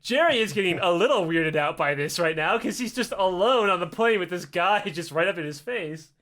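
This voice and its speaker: A man's voice: high-pitched, animated, fairly quick, fairly bright tone. A man casually telling a comic story, swearing often and acting out the voices with laughs. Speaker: podcast host telling a story.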